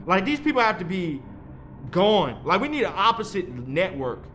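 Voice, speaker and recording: A man's voice: high voice, big pitch swings, moderate pace, a bit bright, a little hiss or hum. A man in his thirties delivering a rambling, heated monologue, swearing freely as he lectures. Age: 30s. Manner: heated, profane, preachy. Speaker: vlogger.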